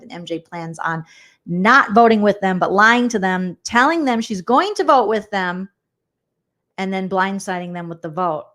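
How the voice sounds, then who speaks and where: A woman hosting a casual livestream recap, chatty and rambling, often acting out quotes. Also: lowish voice. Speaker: host.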